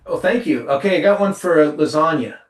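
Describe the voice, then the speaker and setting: A man's voice: fairly high pitch, expressive, a little fast, reverberant, far from the mic, a little hiss or hum. A man co-hosting a talk show, riffing crude comedy and laughing at his own jokes. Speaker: podcast co-host.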